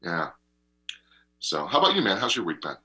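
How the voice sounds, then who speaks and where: Husky, lively-voiced man chatting on radio. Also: sits low, normal speed. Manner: animated, rambling storyteller who laughs often. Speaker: radio show co-host. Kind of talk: casual chat and travel storytelling.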